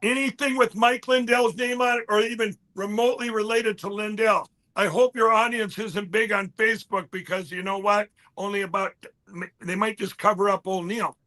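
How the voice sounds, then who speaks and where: High, bright-voiced man rambling excitedly. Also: moderate pace. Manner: animated, quotes others in mid-story, frequent restarts. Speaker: guest. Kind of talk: rambling conversational storytelling.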